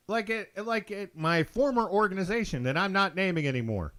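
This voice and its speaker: A man's voice: high-pitched, expressive, quick pace, few pauses, fairly bright tone. A man hosting his own show, ranting opinions in a blunt, profane monologue, stumbling and repeating words. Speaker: show host.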